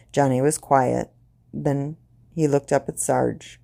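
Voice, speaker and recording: A woman storyteller reading a grim short story aloud, slowly and deliberately. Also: extremely low pitch, fairly even intonation, vocal fry, mellow.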